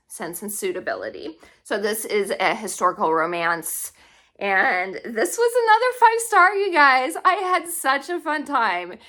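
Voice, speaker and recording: A woman hosting a book channel, chatting casually through a review and often pausing to recall names. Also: mid-range voice, bright, forceful tone. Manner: chatty, pauses to recall names, frequent um and laughs. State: tearing up.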